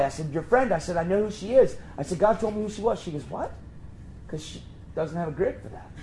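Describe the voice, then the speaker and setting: A man preaching, telling a story and acting out the voices of the people in it with sudden high jumps in pitch. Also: a little mellow, slight background noise, low-quality recording. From Pennsylvania. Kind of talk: storytelling sermon.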